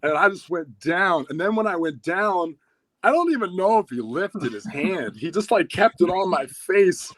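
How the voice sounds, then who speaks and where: A man's voice: normal speed, no echo. A man in his thirties, a podcast guest, telling a story in casual chat with lots of swearing. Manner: animated, profane storytelling that gets louder and higher when excited.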